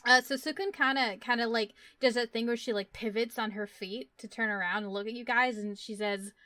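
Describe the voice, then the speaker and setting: A woman's voice: fairly high pitch, fairly even intonation, fairly quick, sharp tone, no room sound, clean studio sound. A woman playing a tabletop game, describing her character's actions hesitantly with lots of fillers. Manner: hesitant, full of fillers like "kinda". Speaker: player. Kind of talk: casual tabletop role-play.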